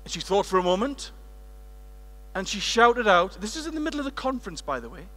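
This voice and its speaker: A British man giving a lively conference keynote, telling a story and calling on the audience to shout out answers. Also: high voice, brisk. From United Kingdom. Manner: lively, engaging the audience directly. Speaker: keynote speaker. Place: conference centre stage. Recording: echoey large hall.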